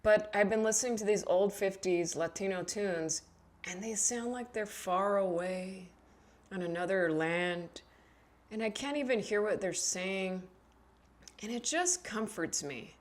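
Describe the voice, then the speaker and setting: A comedian and podcast host in her thirties delivers a casual comic monologue, animated and veering between mumbled asides and shouted bits. Her pitch is medium and her pace a little slow.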